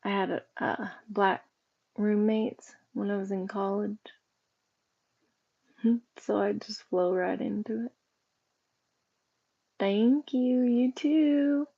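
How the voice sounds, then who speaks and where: A woman's voice: mid-range voice, takes it slowly, vocal fry, long pauses, dull audio. A woman livestreaming, chatting casually and rambling with her viewers while she sorts boxes, and greeting them by name.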